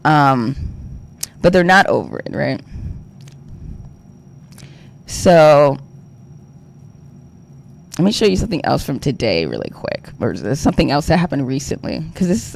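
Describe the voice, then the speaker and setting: A man's voice: a little high, sing-song, moderate pace, gravelly, long pauses. A young adult man talking on a livestream, exasperated and rambling, full of fillers and swearing. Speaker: streamer. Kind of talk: ranting livestream talk.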